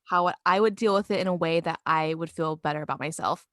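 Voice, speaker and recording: A woman in her twenties, co-hosting a podcast, telling a story in an animated way and swearing freely. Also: sits low, a little fast, no room sound, studio quality. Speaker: podcast co-host. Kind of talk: casual chat.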